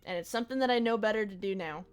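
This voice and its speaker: A woman's voice: mid-range voice, rapid-fire, smooth, soft background music. A young woman streaming a game, chatting casually in a rambling, reflective way with slang and swearing. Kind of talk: casual chat while gaming on stream.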